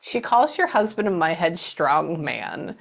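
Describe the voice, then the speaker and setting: A woman's voice: lowish voice, sing-song, measured pace, creaky. A woman working as a medium, chattily relaying messages during a reading. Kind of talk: psychic reading session.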